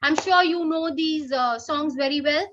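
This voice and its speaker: A woman's voice: high-pitched, unhurried, a bit bright, highs cut off, slight background noise. A middle-aged woman with an Indian English accent, coaching teachers in an upbeat online workshop. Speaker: teacher trainer. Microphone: video call.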